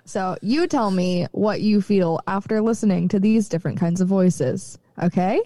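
A woman co-hosting a podcast in casual chat, animated and quick to laugh. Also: mid-range voice, no room sound. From rural area. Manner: chatty, laughs often, animated. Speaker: podcast co-host.

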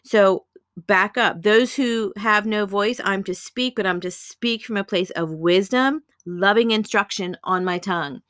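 A woman's voice: mid-range voice, unhurried, fairly bright tone, dry recording, clean studio sound. Earnest woman teaching a devotional. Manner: earnest, conversational, with casual fillers. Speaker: Bible teacher.

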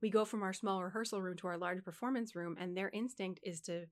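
A woman's voice: mid-range voice, a little fast. A woman co-hosting a casual podcast conversation, explaining things like a voice teacher, frank and instructive.

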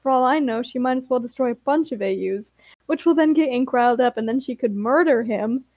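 A woman's voice: a little high, a little fast, dry recording, muffled recording, close to an everyday voice. A woman voicing a frantic, worried character in a storytelling podcast. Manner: frantic, pleading.

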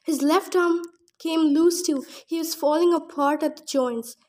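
Speaking at an extremely high pitch, unhurried and a little mellow, a woman reads a novel aloud for her podcast. She is an audiobook reader and podcast host who stumbles over words and breaks off with emotional asides.

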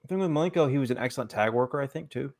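A man's voice: mid-range voice, expressive, rapid-fire, a little mellow. A man hosting a casual wrestling podcast, rambling and restarting his sentences, swearing now and then while eating. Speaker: podcast host.

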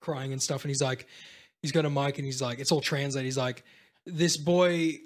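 A man's voice: mid-range voice, fairly quick. A man, telling long rambling stories in casual, profane chat. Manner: rambling, profane, animated storytelling. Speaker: podcast co-host.

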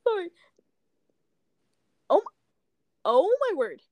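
A woman's voice: extremely high pitch, slow, no echo. A young woman co-hosting a podcast, chatting casually and telling stories with lots of giggling, sounding tired late at night. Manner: giggly, excitable storyteller. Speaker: podcast co-host. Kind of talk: casual chat.

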